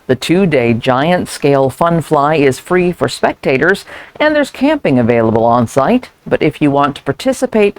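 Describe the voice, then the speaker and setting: A woman with a Southern US accent reading scripted community news in a clear, even announcer manner. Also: sits low. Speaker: local news reporter.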